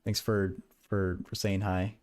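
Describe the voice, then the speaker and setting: A man's voice: low-pitched, little pitch movement, slow pace, a little mellow. A young man livestreaming while he does math homework, chatting casually and often stammering and repeating words.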